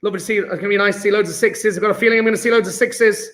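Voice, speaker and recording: A man's voice: high-pitched, racing, a bit bright. A male chemistry teacher giving a live online exam-prep lesson, working sums aloud in an upbeat, chatty way and praising his students.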